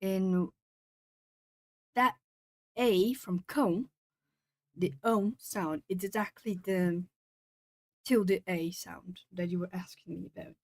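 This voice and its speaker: A woman's voice: lowish voice, slow, pauses often, no room sound. Rambling Brazilian-born woman streamer. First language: Portuguese. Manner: chatty, rambling, reads chat aloud. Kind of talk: casual chat while colouring.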